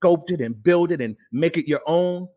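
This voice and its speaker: A man's voice: on the high side, normal speed, highs cut off. A man hosting an interview show, talking casually with lots of fillers and repeated words. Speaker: podcast host.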